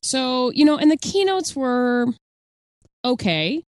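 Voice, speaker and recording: A woman's voice: high voice, very animated, slow pace, dry recording. A woman co-hosting a casual podcast, chatty and rambling as she recounts things. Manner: chatty, laughing, rambling with fillers. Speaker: podcast co-host. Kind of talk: casual chat.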